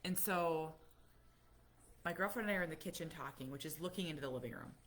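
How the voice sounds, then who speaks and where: A middle-aged American woman telling stories in a casual live chat, animated and acting out what people said. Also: low voice, fast, slight background noise. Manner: storytelling, animated, acts out quotes. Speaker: vlogger, autism parent.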